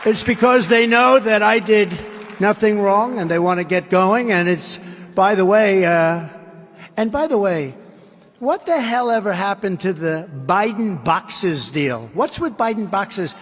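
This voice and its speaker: A man's voice: high-pitched, lively intonation, measured pace, fairly bright tone, a faint crowd. A man giving a campaign rally speech as a political candidate, emphatic and repetitive, with rambling asides. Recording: long hall reverb.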